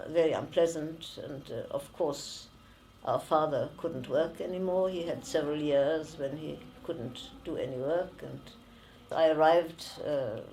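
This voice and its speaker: A woman in her nineties with a German accent, giving oral history testimony slowly and haltingly, with many pauses and fillers. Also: deep voice, warm tone, slight background noise, poor audio. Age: 90s. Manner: slow and halting, with frequent fillers. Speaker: interviewee, former refugee.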